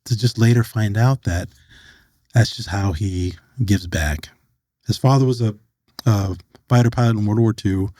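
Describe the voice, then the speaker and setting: A middle-aged American man appears as a podcast guest, recounting a personal story in a lowish voice at a measured pace. He's an animated storyteller who acts out the lines of the people involved, with no echo on the recording.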